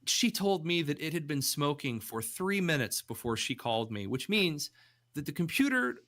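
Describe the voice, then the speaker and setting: Bright-voiced man telling stories on radio. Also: normal speed. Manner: animated storyteller, jumps pitch for quoted voices. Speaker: radio show host. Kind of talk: casual radio chat.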